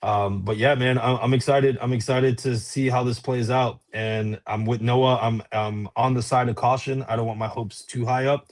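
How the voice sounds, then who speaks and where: Casual male panelist, mid-pitched and relaxed, loosely repeats phrases while chatting over a call. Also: normal speed, few pauses. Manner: easygoing, hedging, repeats himself. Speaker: podcast panelist. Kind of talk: casual movie chat.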